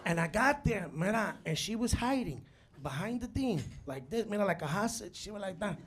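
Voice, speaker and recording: High-pitched guy doing live standup in a club, yelling punchlines, crowd laughing, noisy room. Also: moderate pace. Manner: animated, acts out scenes, shouts punchlines, drops Spanish words. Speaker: stand-up comedian. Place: comedy club stage. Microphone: handheld stage mic. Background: laughing audience.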